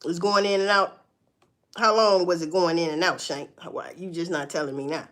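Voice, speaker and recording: A woman's voice: on the low side, fairly even intonation, normal speed, fairly bright tone. A woman chatting casually with viewers on a live stream, blunt and profane, with emphatic outbursts. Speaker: livestream host. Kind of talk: casual livestream chat to viewers.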